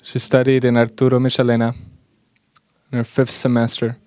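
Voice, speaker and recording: A man giving an earnest, slightly halting English voice-over interpretation of speakers at a conference. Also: mid-range voice, completely flat delivery, smooth, dry recording.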